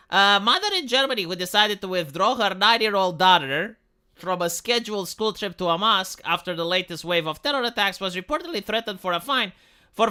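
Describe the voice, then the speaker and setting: Man, high voice, very bright tone, sarcastic, rambling stream commentary. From Romania. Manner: sarcastic, rambling with many fillers. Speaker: live stream host. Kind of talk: casual political commentary.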